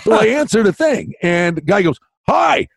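Canadian male betting podcast host, high and lively, dry close mic. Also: a little fast, vocal fry, dry recording. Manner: animated storyteller, acts out voices in anecdotes. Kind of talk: casual sports betting chat.

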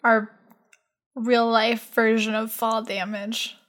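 A woman's voice: fairly high pitch, level tone, slow, fairly bright tone. A woman co-hosting a comedy podcast, riffing in a playful, rambling way. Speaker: podcast co-host.

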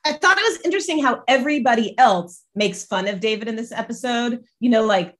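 A woman's voice: a little high, lively intonation, a little fast, a bit bright. Enthusiastic woman co-hosting a chat. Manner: enthusiastic, emphatic questions. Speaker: podcast co-host. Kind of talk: casual chat.

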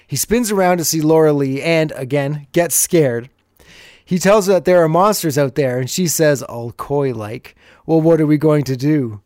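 A man's voice: fairly high pitch, darkish tone, no room sound, studio quality. Chuckling man recapping an episode. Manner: amused, chuckling as he retells scenes. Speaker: podcast host recapping an episode. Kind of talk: casual recap chat.

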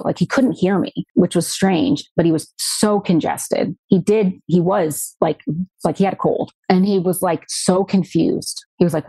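A young adult woman, a podcast guest, recounting a personal story in casual conversation, talking quickly with many fillers and quoted dialogue. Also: fairly low pitch, steady tone, gravelly, warm tone, breathy edge, dry recording, low-quality recording. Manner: rapid, tumbling retelling with many likes and quoted dialogue.

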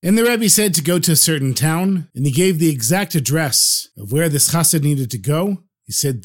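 Animated storyteller man, slightly high voice. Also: moderate pace, hardly any pauses. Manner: animated, acts out every character. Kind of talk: told folk story podcast.

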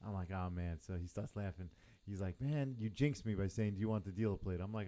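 A man's voice: fairly low pitch, a little fast. A man co-hosting a casual podcast, telling stories with plenty of acted-out quotes. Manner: animated storyteller acting out quotes. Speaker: podcast co-host. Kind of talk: casual chat.

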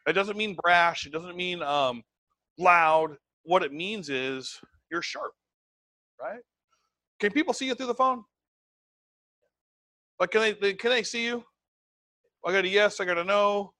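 Emphatic male sales trainer, fairly high voice. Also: unhurried, long pauses, dry recording. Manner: emphatic, tags points with "right?" and "okay?"; repeats words, conversational and animated. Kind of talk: live training talk to a group.

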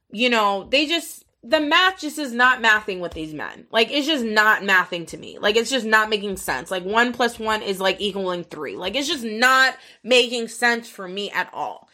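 Bright-voiced young woman, profane and chatty. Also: on the high side. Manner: frank, profane, full of "like" fillers. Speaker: podcast host. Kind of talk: casual storytelling monologue.

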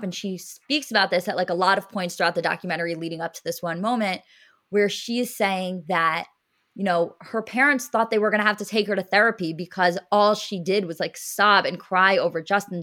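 Bright-voiced young woman chatting emotionally. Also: on the low side. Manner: emotional, rambling storytelling with many fillers. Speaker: podcast co-host. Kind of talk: casual chat.

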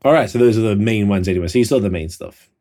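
A laid-back man with a Canadian accent co-hosts a casual podcast and keeps the talk moving from topic to topic. His voice sits fairly low, and he swears freely without ever sounding heated. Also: fast, warm tone. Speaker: podcast co-host. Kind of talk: casual chat.

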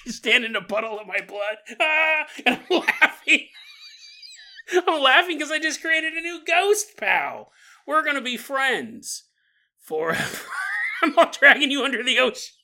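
A male podcast host telling a ghost story in an animated, joking way, laughing often. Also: extremely high pitch, measured pace.

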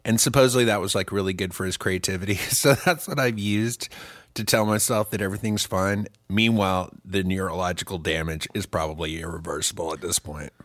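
A man's voice: deep voice, fairly even intonation, fairly quick, a bit bright, no room sound. A man in his thirties chatting casually on a podcast, rambling and mocking himself with frequent laughs. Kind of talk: casual chat.

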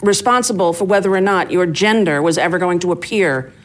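A middle-aged woman, a comedian telling stories in a casual interview and acting out quotes with big jumps in pitch. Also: fairly quick, low-quality recording. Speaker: comedian guest.

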